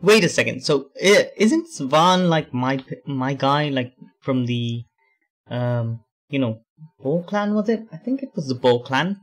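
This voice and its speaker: A man's voice: medium pitch, lively intonation, unhurried, soft background music. A man giving casual gameplay commentary, rambling, joking and poking fun at himself while reading game dialogue. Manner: rambling, self-deprecating, joking. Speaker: let's play host.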